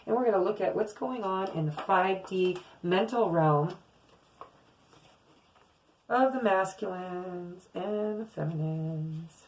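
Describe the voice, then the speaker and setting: A woman's voice: on the low side, creaky, slight background noise, low-quality recording. A middle-aged woman giving a casual, earnest tarot reading to her viewers, often repeating words for emphasis. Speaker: tarot reader.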